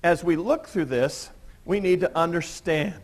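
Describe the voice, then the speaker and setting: A man's voice: a little high, a little slow. A male pastor giving a sermon in a church, telling a story with laughs and acting out the people in it.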